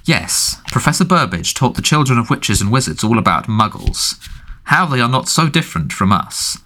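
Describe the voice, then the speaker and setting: Voldemort, quiet cold dark lord voiced by a man. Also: mid-range voice, sing-song, moderate pace. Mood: menacing. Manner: quiet, soft and contemptuous.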